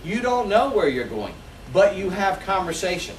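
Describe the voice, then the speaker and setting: A man's voice: high voice, very animated, normal speed, a little hiss or hum. A man in his forties, a sales trainer, leading a seminar and acting out customer phone calls with lots of energy. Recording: echoey room, mic from a distance.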